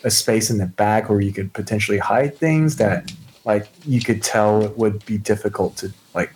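A man's voice: lowish voice, normal speed, darkish tone, slight background noise, low-quality recording. A man taking part as a player in a tabletop game, talking casually and hesitantly. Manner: unsure, filler-heavy. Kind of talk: casual chat.

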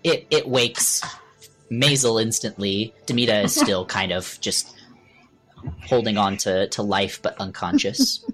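A man narrating a tabletop game as game master, descriptive and unhurried, with frequent fillers. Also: lowish voice, fairly bright tone, faint music behind.

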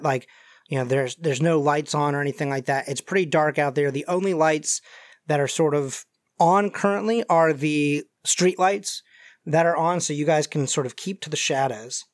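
A man running a tabletop game, narrating the scene with lots of pauses and fillers. His voice sits a bit high, and the recording is dry and close. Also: dry recording. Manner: hesitant, many fillers. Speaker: game master.

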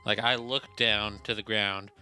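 A man's voice: lowish voice, flat delivery, measured pace, pushed and bright, clean tone. A man playing a tabletop game, casually describing what his character does. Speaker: player.

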